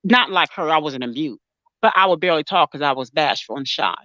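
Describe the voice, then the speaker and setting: A woman in casual conversation, soft-spoken and halting, close to tears as she talks about her poetry. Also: low-pitched, expressive, dry recording. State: tearful, close to crying. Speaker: guest poet. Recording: dull muffled dry sound.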